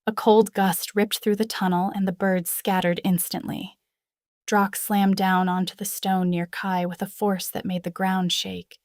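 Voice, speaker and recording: A woman reading a first-person fantasy novel aloud in a dramatic, expressive way. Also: medium pitch, measured pace, dry recording, studio quality. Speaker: audiobook narrator.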